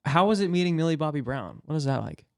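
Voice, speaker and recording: A man's voice: on the high side, very animated, quick pace, gravelly. A man hosting a podcast who asks the guest rambling, hesitant questions, restarting and correcting himself mid-sentence. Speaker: podcast host. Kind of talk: casual interview questions.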